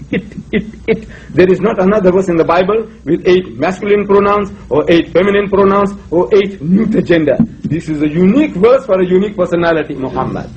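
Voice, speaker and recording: Older man lecturing with rhetorical emphasis, fairly high voice, dull lo-fi recording. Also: a little mellow, slight background noise. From South Africa. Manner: emphatic, rhetorical, quotes scripture. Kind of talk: public lecture on religion. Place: university lecture hall.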